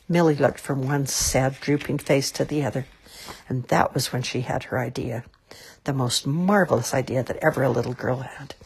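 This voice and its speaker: A woman reading a children's storybook aloud in an expressive, lilting way. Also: a bass voice, normal speed, vocal fry, husky.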